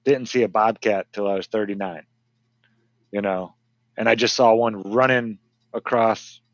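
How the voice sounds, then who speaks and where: A man in his forties from northern Indiana, laid-back and quick to laugh in casual podcast chat. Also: fairly low pitch, steady tone, dry recording. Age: 40s. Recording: dull, dry lo-fi recording.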